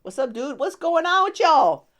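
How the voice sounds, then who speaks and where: A woman voicing Jesus as a laid-back man who calls out loudly to calm his panicking friends, in a playful retelling. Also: sits high, normal speed, pitched above the performer's own voice. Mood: reassuring. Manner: casual, loud and exclaiming.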